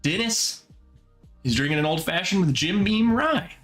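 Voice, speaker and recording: Lively bright-voiced young man chatting. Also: high-pitched, faint music behind. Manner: relaxed, chatty, drawn-out musing. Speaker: livestream host. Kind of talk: casual live chat reading comments.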